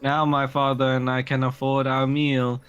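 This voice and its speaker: A man's voice: medium pitch, monotone, moderate pace, a bit bright, clean tone, dull audio, soft background music, voice pushed up, close to an everyday voice. A man voicing an eager young boy who speaks in stiff, overly formal phrases during a tabletop game. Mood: dutiful. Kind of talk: tabletop role-play.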